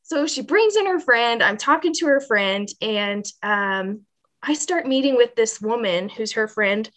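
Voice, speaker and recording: A woman guest on a podcast, telling an emotional personal story in an earnest, animated way, full of "like" and "you know.". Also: fairly high pitch, unhurried. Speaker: pregnancy center manager, podcast guest.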